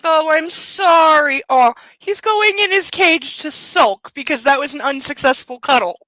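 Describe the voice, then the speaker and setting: A woman's voice: high voice, lively intonation, normal speed, a bit bright, no echo, rough recording. A woman hosting a comedic book club at home, reading aloud and breaking off for casual, sarcastic asides.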